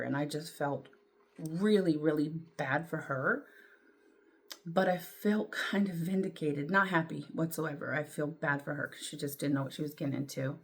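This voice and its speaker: A middle-aged woman, telling a personal story to camera in a candid, rambling way, with fillers and throat clearing. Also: sits low, normal speed. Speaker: vlogger.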